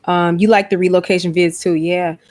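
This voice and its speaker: A woman's voice: lowish voice, little pitch movement, fairly quick, darkish tone. A woman hosting a casual chat stream, rambling and talking straight to her viewers. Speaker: host.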